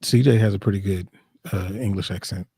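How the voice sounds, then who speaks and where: A laid-back man co-hosts a casual livestream, sprinkling his talk with slang. His voice is low, dark and husky, and it sounds dry and close to the mic. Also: brisk, no room sound. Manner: laid-back, slangy, says dude and bro. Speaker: podcast co-host.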